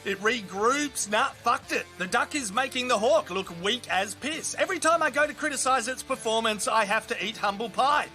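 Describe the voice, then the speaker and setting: Australian guy, mock fight commentator, very high and bright voice, crude and excitable. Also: moderate pace, few pauses, soft background music. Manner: excitable, crude, shouts at big moments.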